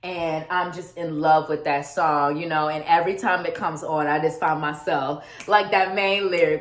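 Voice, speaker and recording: A woman's voice: low voice, moderate pace, few pauses, a little hiss or hum. Gushing woman vlogger in an echoey room. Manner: gushing, animated, laughs often, repeats words for emphasis. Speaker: vlogger reviewing a music album. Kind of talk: casual excited vlog talk.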